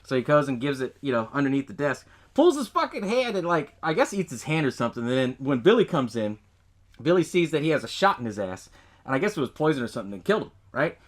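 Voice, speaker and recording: A man's voice: medium pitch, very animated, fast. A man hosting a podcast, recapping a movie in a loose, profane way and laughing often as he tells it. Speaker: podcast host.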